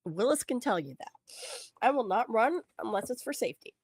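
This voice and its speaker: A woman's voice: a little high, a little fast, no room sound. A woman on a podcast telling a story in a loose, profane way, acting out the voices of the people in it. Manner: animated, swears freely, acts out quotes. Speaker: podcast co-host.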